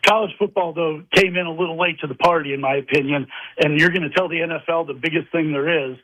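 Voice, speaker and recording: A man calls in to a sports show and argues his point firmly. His voice is bright and a bit high, and it comes across dry and close. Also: steady tone, fast, dry recording, rough recording. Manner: firm, argumentative. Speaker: radio call-in caller. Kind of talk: phone-in sports argument.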